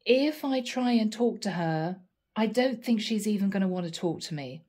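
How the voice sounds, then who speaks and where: A woman voicing a downcast, hesitant man from a vision she describes, speaking haltingly. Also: high voice, expressive, a little mellow. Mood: sad.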